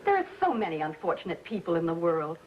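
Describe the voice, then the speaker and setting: An actress playing an indignant middle-aged suburban wife and mother, sharp, quick and huffy, in 1950s sitcom acting. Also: lowish voice, very animated. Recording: dull lo-fi 1950s TV soundtrack with faint hiss.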